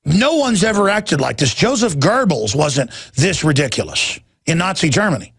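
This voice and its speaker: High-pitched ranting male radio host. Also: very animated, normal speed, gravelly, a bit bright, husky, no room sound. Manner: ranting, indignant, emphatic. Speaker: radio talk show host. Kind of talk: heated broadcast monologue.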